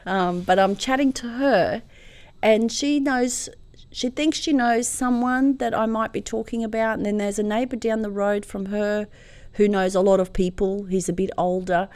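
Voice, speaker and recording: A woman's voice: mid-range voice, fairly even intonation, normal speed, a little mellow, no echo. Woman, fifties, Croatian-born, Croatian speaker, podcast guest, emotional storytelling, laughs often. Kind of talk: casual storytelling interview.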